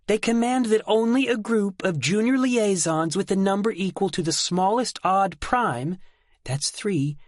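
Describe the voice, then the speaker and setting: A man's voice: high voice, dry recording, studio quality, pitched above the performer's own voice. A man voicing a frightened young woman. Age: young adult. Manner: breathless, pleading, rushed. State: tearful. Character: young woman, frightened alien-liaison girl. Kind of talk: audiobook character voice.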